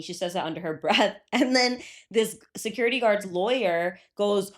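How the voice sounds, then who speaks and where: A young woman co-hosting a casual podcast, excitable and swearing freely as she recaps stories. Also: medium pitch, normal speed, few pauses. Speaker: podcast co-host. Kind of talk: casual chat.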